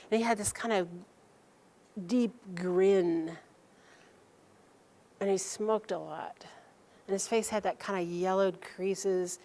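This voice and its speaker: A woman telling a personal story aloud, halting and restarting sentences and acting out the people she quotes. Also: mid-range voice, darkish tone.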